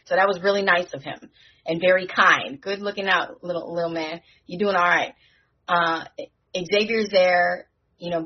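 A woman hosting a casual podcast recap, talking in an animated, slangy way with frequent restarts. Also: fairly low pitch, breathy edge, highs cut off. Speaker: podcast host recapping a TV episode.

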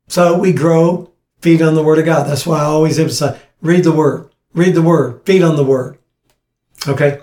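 A man's voice: on the high side, fairly even intonation, normal speed, a little mellow. A man preaching a teaching sermon, reading scripture aloud and urging his listeners with earnest, repetitive exhortation. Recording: echoey room.

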